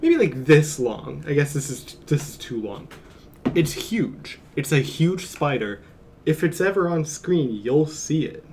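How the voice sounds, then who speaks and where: A man's voice: on the high side, big pitch swings, a little slow, darkish tone, slight background noise. A man streaming from home, chatting casually in a rambling, jokey way and chuckling often. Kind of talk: casual live-stream chat.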